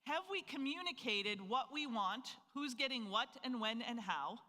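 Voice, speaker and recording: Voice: medium pitch, expressive, moderate pace, bright, forceful tone, big-room sound. A financial planning presenter from North Dakota giving a live seminar and firing rhetorical questions at the audience. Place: event hall with a live audience.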